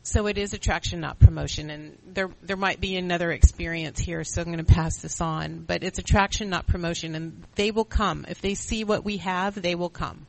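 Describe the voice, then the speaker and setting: A woman's voice: lowish voice, fairly even intonation, brisk, creaky, hardly any pauses, a little mellow, poor audio. A middle-aged woman sharing her story as a panelist at a recovery meeting, earnest and repeating her key phrases.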